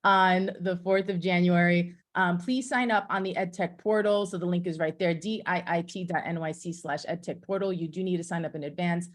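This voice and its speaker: A woman's voice: on the low side, fairly even intonation, fairly quick, few pauses. A woman presenter on a video call, talking casually and cheerfully and laughing easily. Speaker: presenter, colleague.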